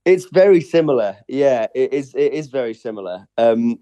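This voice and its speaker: Relaxed, easy-laughing English man. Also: mid-range voice, normal speed, dry recording. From England. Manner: relaxed, laughs easily, chatty with restarts. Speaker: guest, stage performer. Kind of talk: casual interview chat.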